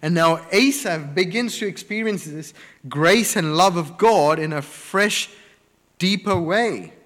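A man preaching a sermon, slow and deliberate, stressing words one by one in emphatic lists. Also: high voice, a bit bright, in a large hall.

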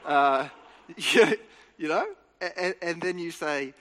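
High-voiced guy preaching, earnest and explaining, big echoey hall. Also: animated, a little slow, pushed and bright. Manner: earnest, explanatory, with frequent restarts. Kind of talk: Bible teaching talk. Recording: reverberant hall.

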